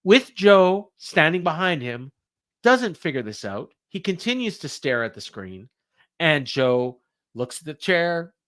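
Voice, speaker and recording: Smooth-voiced man recapping wrestling. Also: a little high, sing-song, unhurried, a bit bright. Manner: rambling play-by-play with many fillers. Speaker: podcast co-host.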